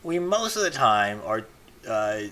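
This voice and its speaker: Male vlogger with a bright, forward tone, rambling off-the-cuff commentary. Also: lowish voice, sing-song, unhurried. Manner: rambling, many "you know" fillers and restarts.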